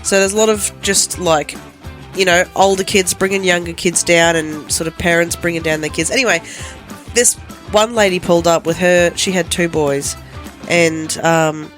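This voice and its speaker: A woman's voice: on the low side, steady tone, moderate pace, soft background music. A woman in her thirties with an Australian accent, a breakfast radio co-host telling a story in casual, self-mocking chat. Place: radio studio. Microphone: studio microphone.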